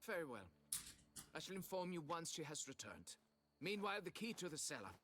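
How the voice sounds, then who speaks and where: A man's voice: on the high side, big pitch swings, fairly quick, pushed and bright, exaggerated voice. A snooty, fussy nobleman. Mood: haughty. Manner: haughty, fussy and condescending. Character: pompous aristocratic male vineyard owner. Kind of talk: video game voice acting.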